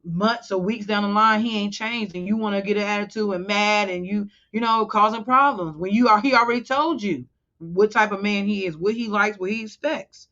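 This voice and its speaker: A woman preaching to a gathering of women in a loose, conversational way, pausing to double-check a verse before pressing on. Her voice sits at an ordinary pitch for a woman. The recording is a little dull and muffled. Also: sharp tone. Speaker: women's teacher in a religious congregation. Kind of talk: informal sermon to women.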